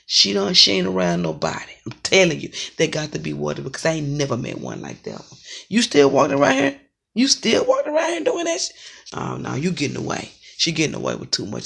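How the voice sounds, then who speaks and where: Ranting online reader, confrontational and repetitive; rough husky voice with heavy fry. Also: mid-range voice, very animated, normal speed, fairly bright tone. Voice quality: gravelly and husky. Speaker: online psychic reader on a live stream. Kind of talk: angry ranting monologue.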